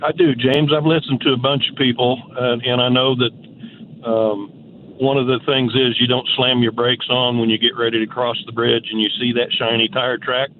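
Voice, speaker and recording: A man's voice: mid-range voice, little pitch movement, normal speed. A man from Indiana calls in to a radio show and gives plain, matter-of-fact advice with the odd filler. His voice comes through a tinny phone line with a faint hiss behind it. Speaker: caller.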